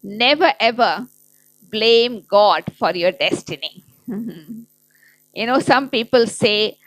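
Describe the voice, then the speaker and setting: A woman spiritual teacher with a Malaysian English accent gives a class in a slow, unhurried way. Her voice sits a little high, and she teaches gently, with fillers and quiet laughs. The recording is dry and close. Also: expressive, no echo, rough recording.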